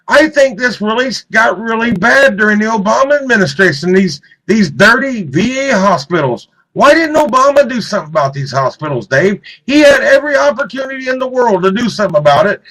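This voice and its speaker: A man's voice: very high-pitched, sing-song, brisk, few pauses, a bit bright, rough recording. A man co-hosting live political talk radio, heated and repetitive, often turning to his co-host by name. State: clearing throat, choked up.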